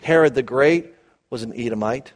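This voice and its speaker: A man teaching the Bible verse by verse, animated, asking his listeners questions and acting out the quotes. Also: medium pitch, moderate pace. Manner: animated, asks the audience questions, acts out quotes.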